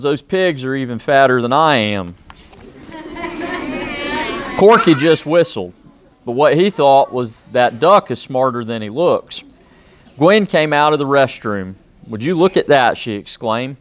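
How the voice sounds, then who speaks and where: A man's voice: medium pitch, expressive, unhurried. Man, police officer, reads a storybook aloud to kids, friendly and plain, mid-range voice. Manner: friendly, plain-spoken, chatty asides to kids. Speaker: police officer reading to children. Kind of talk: children's storybook read-aloud.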